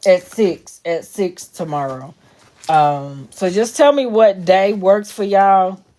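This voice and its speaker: Woman medium, mid pitch, candid chatty live-stream talk with loose swearing. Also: takes it slowly, dark tone. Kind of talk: casual chat.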